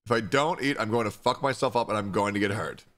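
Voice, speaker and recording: A man's voice: on the low side, fast, a bit bright. A young man talking casually on a live stream, reading chat questions aloud and answering them with frequent swearing. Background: music playing.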